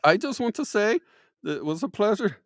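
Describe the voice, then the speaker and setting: A man's voice: sits high, big pitch swings, no room sound, clean studio sound. A man putting on a bumbling fake German professor. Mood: mock serious. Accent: put-on German accent, slipping into Irish. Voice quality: hesitant, halting, broken English. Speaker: show host in disguise.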